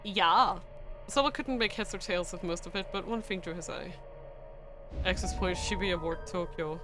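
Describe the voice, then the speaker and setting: A woman streamer reading a visual novel aloud, excitable and prone to bursts of shrieking and laughter. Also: on the low side, moderate pace, soft background music.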